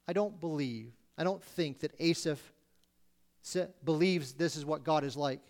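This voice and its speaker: High-voiced man preaching earnestly. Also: measured pace, darkish tone. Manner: earnest, voices pleading questions to God. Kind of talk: sermon.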